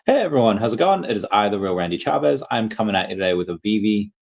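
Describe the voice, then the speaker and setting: Rambling upbeat man, low voice. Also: sing-song, fast talker, creaky. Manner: rambling, self-correcting, upbeat. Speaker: podcast host. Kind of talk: casual solo market update.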